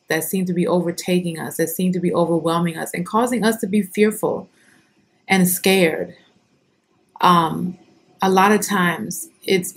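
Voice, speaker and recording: A woman with a fairly low voice leads an informal devotional. She reads scripture aloud and reflects on it in earnest, unhurried speech, stopping for ums and starting phrases over. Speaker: devotional host.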